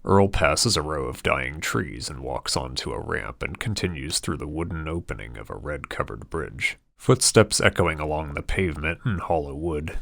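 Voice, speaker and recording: A man narrating an audiobook in a steady, descriptive storytelling manner. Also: rumbling low, normal speed, vocal fry, few pauses, no echo. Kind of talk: scripted narration.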